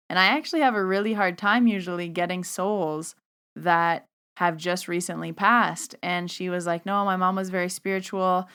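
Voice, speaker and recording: A woman podcast host telling a story and acting out both sides of a conversation with lively quoted dialogue. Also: mid-range voice, smooth. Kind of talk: storytelling monologue.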